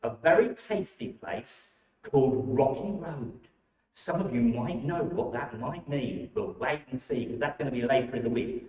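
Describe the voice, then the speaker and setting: Upbeat man leading a children's club. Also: a little high. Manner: upbeat, enthusiastic, addresses children directly. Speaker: children's holiday club leader. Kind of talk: lively talk to children. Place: church hall. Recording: echoey, distant, dull live-stream sound.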